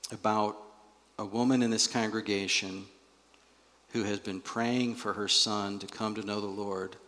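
A male pastor preaching a sermon in a church, animated and acting out the voices he quotes. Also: lowish voice. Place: church sanctuary. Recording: long reverb of a large hall.

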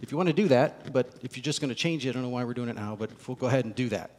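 A man imitating a blunt male attorney in his thirties or forties who talks curtly and impatiently and rattles things off fast. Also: medium pitch, a little mellow, in a large hall, natural voice. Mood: dismissive.

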